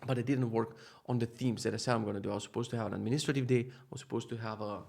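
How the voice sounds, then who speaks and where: A man in his thirties talks alone into a podcast mic in a loose, casual monologue. He swears freely and swings between loud, heated rants and quiet, low asides, and his voice sits at an ordinary middle pitch. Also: fairly even intonation, rapid-fire, gravelly. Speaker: podcast host.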